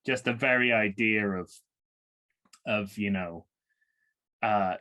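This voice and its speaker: A man's voice: on the low side, slow pace, sharp tone. Rambling man co-hosting a podcast. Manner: rambling, self-correcting, trails off. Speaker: podcast co-host. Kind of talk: casual chat during a movie watch-along.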